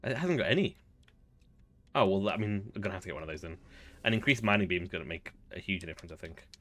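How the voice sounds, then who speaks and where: A chatty man with a lowish voice talks through his game as he plays. He thinks aloud in a relaxed, amused way. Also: quick pace. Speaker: gaming video host. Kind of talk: relaxed gameplay commentary.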